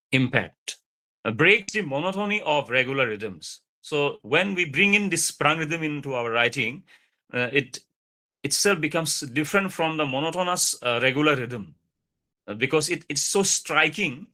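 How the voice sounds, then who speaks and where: A man's voice: mid-range voice, bright, forceful tone. A man giving a university lecture over a video call, explaining patiently, repeating phrases for emphasis, with frequent uh fillers. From India. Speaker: guest lecturer.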